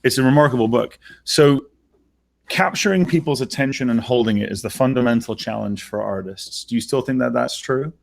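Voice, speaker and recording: A man hosting an interview, asking questions in a halting, thoughtful way with fillers. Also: mid-range voice, gravelly. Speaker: interview host.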